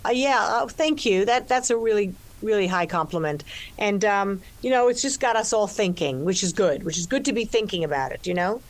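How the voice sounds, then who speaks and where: An older woman talks freely about her work in a relaxed interview. She circles back on her words, starts over, and fills the gaps with "you know." Her voice sits at a middle pitch. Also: brisk. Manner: expansive, restarts often, many "you know"s. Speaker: actress and co-writer discussing her film. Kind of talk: conversational interview.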